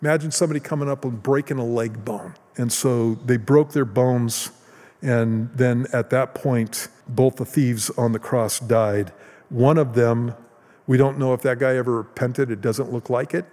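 Pastor, male, mid-pitched, conversational sermon with emphatic swells, reverberant church hall. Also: steady tone, moderate pace, a little mellow. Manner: conversational preaching with restarts, rising for emphasis.

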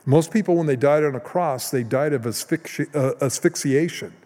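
A man's voice: a little high, moderate pace, dark tone. Man preaching in an echoing hall. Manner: conversational preaching with restarts, rising for emphasis. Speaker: pastor. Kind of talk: sermon. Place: church hall. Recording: long hall reverb.

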